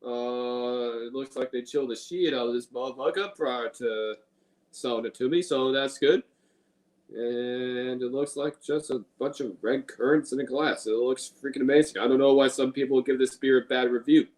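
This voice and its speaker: A man's voice: mid-range voice, fairly even intonation, normal speed, darkish tone, poor audio. Enthusiastic profane beer-tasting man. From Illinois. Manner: enthusiastic, profane, repeats himself. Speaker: beer review host. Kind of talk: casual beer tasting chat.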